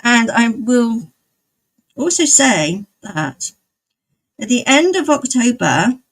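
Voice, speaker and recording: Slow-talking chatty woman streamer. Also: a little high, very animated. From outside the United States. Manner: rambling, chatty, laughs often. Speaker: live streamer. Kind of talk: casual stream chat.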